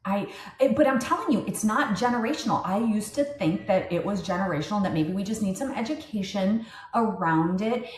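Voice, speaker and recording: A woman in her fifties co-hosting a podcast, telling candid stories in a casual, animated way with lots of asides. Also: mid-range voice, brisk, slight background noise. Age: 50s. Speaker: podcast co-host. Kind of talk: casual chat. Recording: echoey room.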